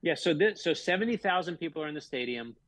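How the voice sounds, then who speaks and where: A man's voice: fairly high pitch, fast, dry recording, low-quality recording. A man, a guest author, telling personal stories in a radio interview and acting out the dialogue in them. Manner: animated storyteller, acts out quoted dialogue.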